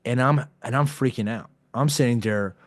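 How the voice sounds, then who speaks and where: A man talking as a podcast guest in a casual storytelling style, animated, acting out the dialogue he quotes and often saying "like". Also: medium pitch, moderate pace, no room sound, studio quality. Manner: animated storyteller who acts out quoted dialogue, frequent "like" fillers.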